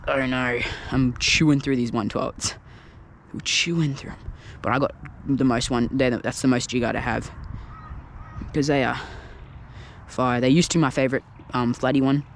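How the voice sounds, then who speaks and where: A man casually talking through a fishing trip on the water, chatty and excitable, recorded on an action camera. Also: medium pitch, moderate pace, a little hiss or hum. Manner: chatty, excitable, thinks aloud. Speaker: fishing vlogger. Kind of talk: casual narration while fishing.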